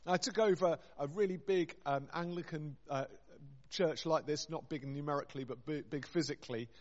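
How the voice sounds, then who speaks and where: A man's voice: fairly high pitch, normal speed. A man, a vicar, preaching a chatty, humorous story-based sermon with self-deprecating asides. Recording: dull sound with long hall reverb. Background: long reverb.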